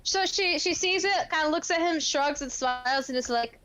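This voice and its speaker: A woman's voice: high-pitched, moderate pace, hardly any pauses, a bit bright, slight background noise. A woman playing a tabletop game, describing her character's actions in a rambling, casual way full of "like". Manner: rambling, lots of "like". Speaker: player.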